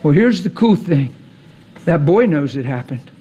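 A man preaching a sermon, telling stories dramatically, sinking to a whisper and then rising to excited peaks. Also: fairly high pitch, unhurried, dull audio, crowd noise.

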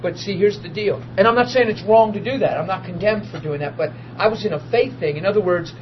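Guy preaching his testimony, high voice, goes quiet then loud and teary, dull noisy recording. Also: fast talker. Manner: emotional, swings from hushed to loud laughing and crying. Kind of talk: testimony storytelling. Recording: dull lo-fi audio with noise.

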